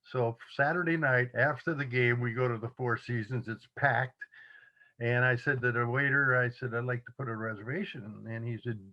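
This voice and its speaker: Older man telling a lively story. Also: medium pitch, moderate pace, dull audio. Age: 70s. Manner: chuckling, animated quoting of others. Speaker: interview guest. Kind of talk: casual storytelling.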